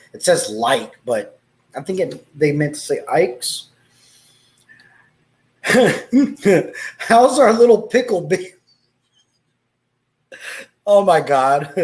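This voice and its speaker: Man, storyteller, high voice, lively pitch, laughs between lines. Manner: laughs and breaks off with asides while reading; slips into Spanish exclamations. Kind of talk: reading a horror story aloud.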